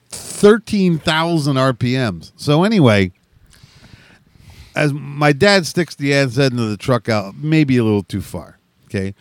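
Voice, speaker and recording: A middle-aged man telling a rowdy story in casual chat, animated, swearing freely and laughing often. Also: mid-range voice, no echo.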